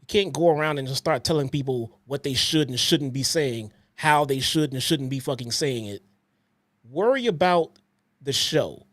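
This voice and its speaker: A man co-hosting a wrestling podcast delivers a heated rant, bluntly swearing as he lectures his critics. His mid-range voice has lively intonation, a moderate pace and a fairly bright tone, captured in clean studio sound with no room noise.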